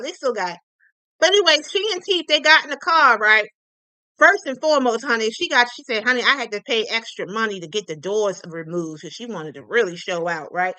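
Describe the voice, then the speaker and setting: Sassy high-voiced woman gossip host. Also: fast, sharp tone, no echo. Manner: chatty, sassy, calls viewers honey and y'all. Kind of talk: casual gossip commentary on a livestream.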